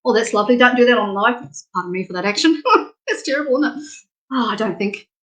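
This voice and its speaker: A woman's voice: a little high, fast talker, a bit bright, lo-fi sound. A middle-aged Australian woman giving a spiritual reading on a live stream, frank and affectionate, laughing often. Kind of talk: casual live-stream chat.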